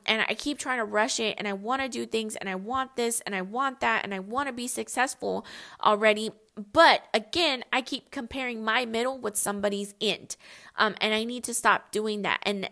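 A woman's voice: on the high side, pushed and bright. A young woman hosting a podcast, giving a casual motivational talk in a blunt, emphatic way and swearing freely. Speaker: podcast host.

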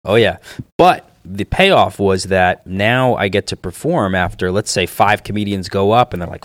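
A brash male comedian swapping crude jokes in a loose podcast conversation. His voice sits a bit low and sounds close and dry, with no room around it. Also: lively intonation, moderate pace, dry recording. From based in New York. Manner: brash, profane, joking. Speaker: comedian guest. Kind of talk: casual podcast chat.

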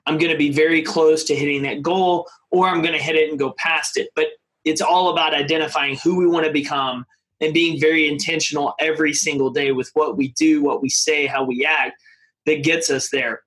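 A man's voice: a little high, fairly even intonation, brisk, fairly bright tone. A man hosting an interview show, earnestly laying out ideas and setting up questions for his guest. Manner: earnest, thinks aloud with repeated words. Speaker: podcast host. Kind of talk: casual interview chat.

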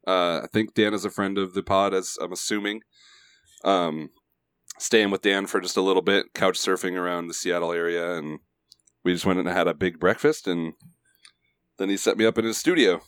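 A young man with a very low voice rambles through stories as a podcast guest, full of fillers and asides. He is recorded in a small home studio with a dry, close sound. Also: moderate pace, fairly bright tone, clear, resonant tone, no room sound. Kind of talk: casual podcast chat.

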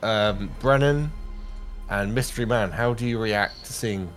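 A man's voice: fairly low pitch, a little slow, soft background music. A man narrating a tabletop game as game master, describing scenes to the players.

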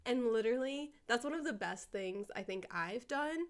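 A woman's voice: fairly high pitch, normal speed. A young woman, an elementary school teacher, telling classroom stories in a casual chat, often giggling. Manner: giggly, animated storytelling with quoted kids.

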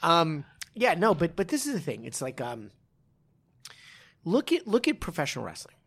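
A man with a strongly gravelly voice talks casually on a podcast, circling his points with restarts and quick laughs. His pitch moves around a lot as he goes. He sounds like a coach talking shop. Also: wildly swooping pitch, a bit bright. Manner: rambling, many restarts and fillers, laughs often. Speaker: podcast co-host, martial arts coach.

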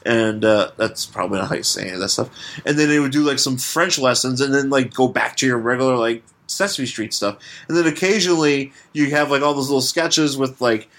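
A man's voice: medium pitch, a little fast, a bit bright. A man from Buffalo co-hosting a comics podcast, chatting casually and rambling with many restarts and laughs. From Buffalo, New York. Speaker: podcast co-host. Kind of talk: casual chat.

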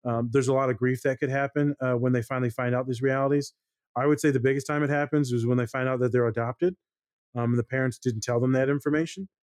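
A man's voice: medium pitch, fairly even intonation, fast, darkish tone, no echo, studio quality. A man, a therapist, chatting casually on a podcast, laid-back and swearing, explaining with acted-out examples.

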